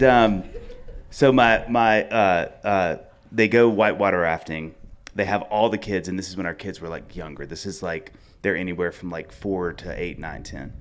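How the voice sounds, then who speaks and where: A man, co-hosting a live podcast and telling a rambling, self-mocking comic story. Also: sits low. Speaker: podcast co-host. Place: outdoor festival stage.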